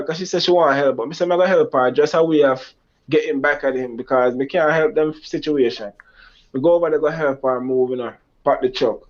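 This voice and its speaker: Man, Jamaican accent, rambling storyteller, higher voice, dull lo-fi recording. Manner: rambling, Jamaican Creole phrasing, acts out quoted lines in a raised voice. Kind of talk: personal storytelling. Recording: dull lo-fi sound.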